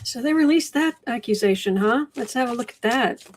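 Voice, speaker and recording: A woman hosting a casual livestream at her desk, reading viewer comments aloud and often dropping into soft asides. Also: fairly high pitch, lively intonation, a little hiss or hum. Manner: slow, drops to soft asides and whispers. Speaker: livestream host reading chat. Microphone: desk microphone.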